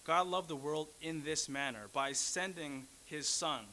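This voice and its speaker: A man's voice: on the high side, unhurried, sharp tone, slight background noise, poor audio. A man preaching a sermon, teaching earnestly, repeating key phrases and correcting himself mid-sentence.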